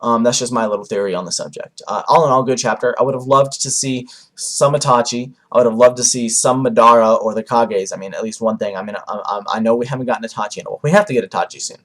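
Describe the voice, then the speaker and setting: A young man giving a casual, rambling manga review, with lots of fillers and animated asides. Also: medium pitch, quick pace. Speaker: anime reviewer.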